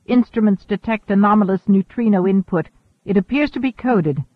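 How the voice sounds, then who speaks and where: A man reading the lines of a calm, precise male starship computer in an audiobook. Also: high-pitched, no echo, lightly acted. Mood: calm, informative. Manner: measured, informative. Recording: thin phone-like dry audio.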